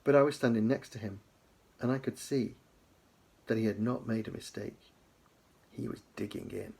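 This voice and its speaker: A man, an author, reads his children's book aloud in an easygoing storytelling manner, dropping in casual asides. His voice has a gravelly, husky texture. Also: fairly low pitch, moderate pace, long pauses, a little mellow. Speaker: author leading a writing lesson.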